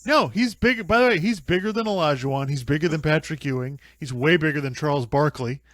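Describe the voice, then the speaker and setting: A man's voice: on the high side, brisk, a bit bright, no echo, clean studio sound. A man co-hosting a casual sports podcast, arguing his points emphatically and insistently. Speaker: podcast co-host. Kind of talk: casual chat.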